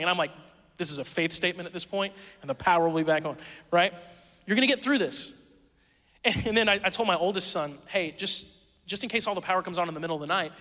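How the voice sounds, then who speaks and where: A man's voice: high-pitched, sharp tone. A man in his thirties preaching a sermon as pastor, talking conversationally with lots of fillers and stories. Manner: conversational, chatty storytelling with many fillers. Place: church hall. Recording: reverberant church hall.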